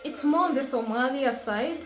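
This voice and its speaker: A woman's voice: sits high, moderate pace. A woman hosting a reaction video, talking casually and emotionally, exclaiming often and thinking aloud. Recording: roomy echo with faint music.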